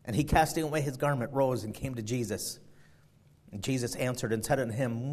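A man preaching a sermon, moving from a quiet prayer to loud, fervent emphasis as he retells a story. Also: medium pitch, brisk.

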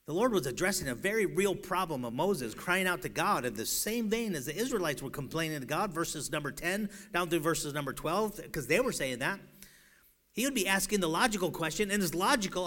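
Animated high-voiced male preacher. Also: fairly quick. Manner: animated, rising to pleading cries when voicing doubt. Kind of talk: sermon.

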